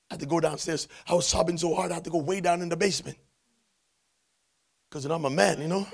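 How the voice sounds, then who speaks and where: A man preaching a sermon in church, swinging from hushed tones to loud shouting. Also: sits high, vocal fry, husky. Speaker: pastor.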